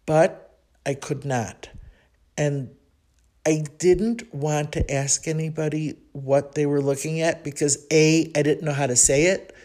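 A woman with a Chicago accent hosts her own podcast and tells a story from her life. She speaks in a chatty, reflective way and thinks aloud. Her talk is full of small pauses and restarts. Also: low voice, fairly even intonation, dark tone. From Chicago, United States. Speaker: podcast host. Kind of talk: personal storytelling monologue.

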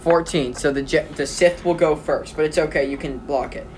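A game master narrating a tabletop game in a rambling way, with many pauses and restarts. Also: medium pitch, a little mellow, slight background noise.

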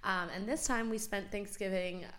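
A young American woman co-hosting a podcast, speaking in a relaxed, reflective way with frequent ums. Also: mid-range voice, moderate pace. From United States. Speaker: podcast co-host. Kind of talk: casual chat.

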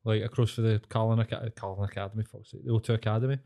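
A man's voice: on the low side, little pitch movement, very fast, mellow. A young Glaswegian man telling jokey, sweary stories in casual podcast chat. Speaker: podcast co-host.

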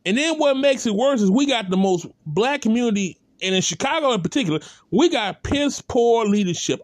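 A man's voice: very high voice, lively intonation, brisk, hardly any pauses, no room sound. A man giving a blunt, impassioned spoken rant, hammering points with repeated rhetorical calls and casual speech. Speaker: commentator.

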